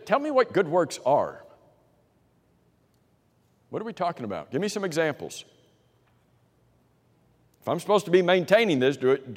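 A man teaching an interactive Bible class, questioning the group and repeating their answers in a conversational way, with restarts. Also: fairly high pitch. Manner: conversational, with frequent restarts and fillers. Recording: long reverb in a hall.

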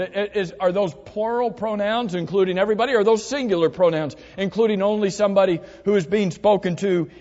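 A man's voice: high voice, darkish tone. A man preaching a sermon, teaching earnestly with repeated instructions and frequent restarts. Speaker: pastor. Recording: dull sound with long hall reverb.

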